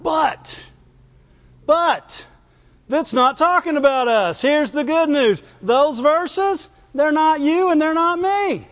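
A man's voice: extremely high pitch, expressive, slow pace, long reverb tail, muffled recording. A man preaching a sermon in a folksy, call-and-response way, asking the congregation to answer back.

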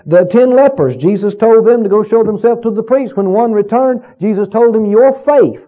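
A man preaching a sermon, emphatic and slow, posing questions to his congregation. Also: high-pitched. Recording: dull lo-fi recording.

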